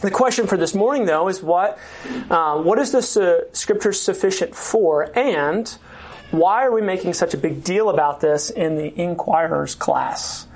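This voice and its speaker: A woman's voice: lowish voice, a little slow, darkish tone. A woman teaching a church inquirers' class in a conversational way, with many fillers and restarts.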